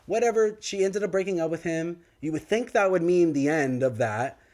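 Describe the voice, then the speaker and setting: Animated young man telling a story. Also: moderate pace. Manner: animated, acts out quoted dialogue with big pitch swings. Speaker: podcast co-host. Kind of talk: casual storytelling. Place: podcast studio.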